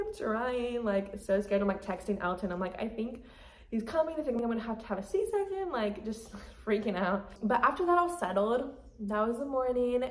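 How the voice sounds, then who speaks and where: A young woman vlogger telling her story in a chatty, casual way, with lots of "like" and laughing as she talks. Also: medium pitch. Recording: echoey room.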